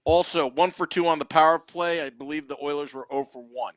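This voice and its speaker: A man's voice: a little high, steady tone, fairly quick, no room sound. Analytical male podcast co-host, dry sound. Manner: methodical, list-like analysis. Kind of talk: sports analysis chat.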